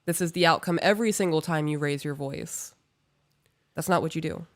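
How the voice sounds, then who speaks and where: A woman co-hosting a podcast, giving calm, firm and direct relationship advice. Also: deep voice, fairly quick. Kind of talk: casual advice chat.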